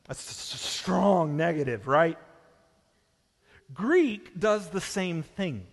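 A man with a Southern US accent preaching a sermon as pastor, emphatic and shifting between hushed and loud passages. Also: fairly high pitch, lively intonation, slow, creaky, long pauses. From Southern United States. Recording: long hall reverb.

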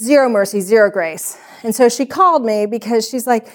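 A woman with a slightly high voice who works as a church women's minister. She talks as a podcast guest and tells her story in a chatty, frank and earnest way. She often acts out what people said. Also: brisk. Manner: chatty storytelling, acting out quoted dialogue.

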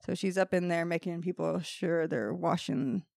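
A woman's voice: fairly low pitch, normal speed, creaky, a little mellow, dry recording, studio quality. A woman hosting a podcast, reading a history story from notes and breaking into laughing banter with her co-hosts.

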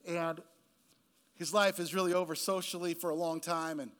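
A male guest pastor preaching a sermon, telling a story in a casual way and building to a slow, emphatic close. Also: on the high side, level tone, fairly bright tone, smooth.

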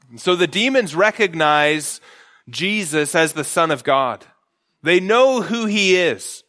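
Guy pastor preaching, bright edgy tone, earnest, slows way down on the big lines. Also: a little high, expressive. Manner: earnest expository preaching, slowing to stress key phrases. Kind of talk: sermon.

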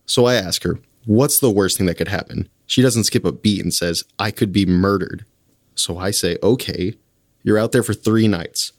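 A man's voice: sits low, dry recording, studio quality. A young man, a podcast guest, telling a story in a casual, wry, conversational way.

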